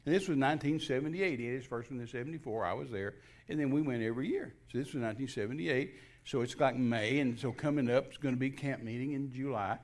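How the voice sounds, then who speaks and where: Older man telling a story. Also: mid-range voice. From Texas. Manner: folksy, repetitive restarts, animated quoting of dialogue. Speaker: guest minister. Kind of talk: personal testimony storytelling.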